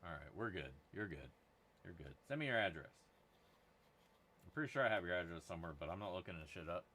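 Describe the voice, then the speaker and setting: A man's voice: low-pitched, expressive, fast, bright, forceful tone, a little hiss or hum. A man hosting a gold prospecting giveaway stream, chatting casually with crude, rambling jokes. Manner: crude, rambling, jokey banter. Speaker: channel host running a giveaway. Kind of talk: casual livestream chat.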